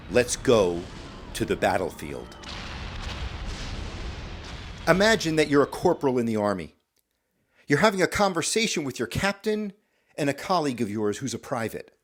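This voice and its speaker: A man hosting a podcast, telling a story in a scripted, dramatic way and talking straight to the listener. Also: mid-range voice. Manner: dramatic, addresses the listener directly. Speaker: podcast host.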